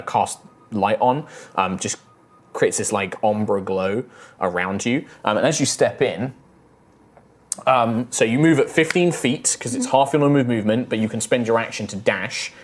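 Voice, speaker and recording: Relaxed game master narrating a scene. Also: medium pitch, a little slow. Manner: descriptive, many fillers and likes.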